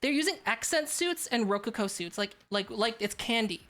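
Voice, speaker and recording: A woman's voice: fairly high pitch, expressive, normal speed, a bit bright. A woman streaming live, chatting casually and rambling with lots of fillers. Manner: rambling, filler-heavy, restarts often.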